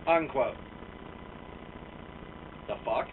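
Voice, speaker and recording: Man, vlog rant, profane and exasperated, fairly high voice, tinny distant phone-like sound. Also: slow, long pauses, a little hiss or hum. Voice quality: profane, animated, exasperated ranting. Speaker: vlogger. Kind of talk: ranting political vlog.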